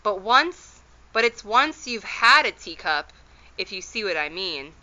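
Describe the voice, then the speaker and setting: A woman's voice: mid-range voice, very animated, sharp tone, dull audio, exaggerated voice. A woman voicing an anxious, tearful little mother who scolds and frets. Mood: fretful. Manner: fretful, scolding, quick to tears.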